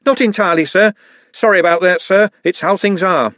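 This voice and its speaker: A man's voice: high voice, fairly quick, a bit bright, no room sound, studio quality, pitched above the performer's own voice. A man voicing a sheepish male team captain who answers meekly and apologetically, in an audiobook reading. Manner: meek, apologetic.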